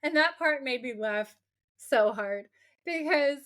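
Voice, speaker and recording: A woman's voice: high-pitched, animated, slow pace, fairly bright tone. A woman co-hosting a podcast in casual chat, animatedly retelling scenes and acting out quotes, swearing freely. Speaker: podcast co-host.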